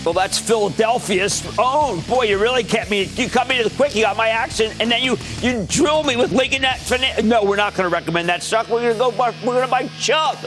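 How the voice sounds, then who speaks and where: A man hosting a call-in stock market show, talking in a loud, excitable, rapid-fire way. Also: high voice, faint music behind. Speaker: host. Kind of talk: animated call-in stock commentary.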